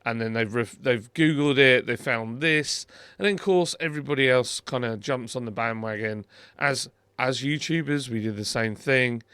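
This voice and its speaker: A man's voice: mid-range voice, normal speed, bright, forceful tone, clean tone, no echo. A middle-aged British man hosting a car video, chatting casually and wryly over a screen recording, with many fillers and restarts.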